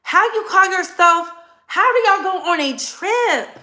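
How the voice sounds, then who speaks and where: A woman's voice: very high-pitched, expressive, measured pace, bright, forceful tone. A woman hosting her own commentary channel, talking bluntly and emphatically and repeating phrases for effect. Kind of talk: heated commentary monologue.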